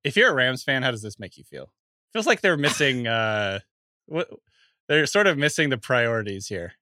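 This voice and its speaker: Podcast cohost guy, bright animated voice, laughs a lot, kinda hesitant. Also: medium pitch, moderate pace, no echo, studio quality. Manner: laughs easily, hesitant, musing. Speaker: podcast co-host. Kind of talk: casual chat.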